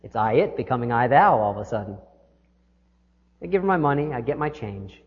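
A man giving a sermon as minister, telling stories and shifting between quick and slow delivery. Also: medium pitch, sing-song. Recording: echoey hall, dull lo-fi sound.

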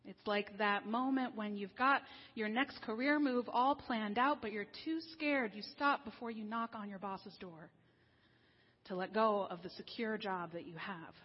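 A woman minister giving a sermon in a conversational, wry way, slowing down for serious points. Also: mid-range voice, husky. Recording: dull lo-fi sound with long hall reverb.

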